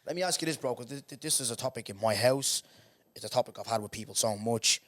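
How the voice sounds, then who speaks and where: Irish man, podcast host, quick talker, casual chat, animated. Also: medium pitch. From Ireland. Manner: animated, talks in quick runs with "do you get me" tags.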